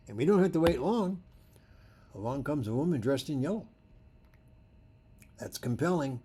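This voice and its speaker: A man teaching photography in a presentation, telling stories with animated delivery and acting out the dialogue. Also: medium pitch, slightly rough. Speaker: photography instructor.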